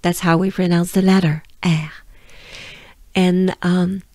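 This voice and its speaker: A woman's voice: lowish voice, flat delivery, slow pace, a little mellow, dry recording, studio quality. A woman from France with a French accent, teaching pronunciation patiently and drilling sounds, her voice a little strained. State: losing her voice. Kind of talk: slow pronunciation lesson with repetition.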